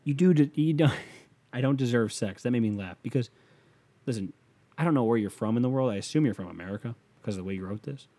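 A man's voice: mid-range voice, expressive, quick pace, warm tone. A man in his twenties hosting a casual podcast, reading a listener's letter and giving advice in a rambling, profane, joking way. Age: 20s. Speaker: podcast host.

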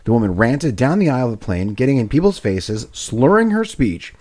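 Male comedy podcast host, animated pitch, crude and laughing riffs. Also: fairly quick. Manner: laughing, swearing, mock-reading news.

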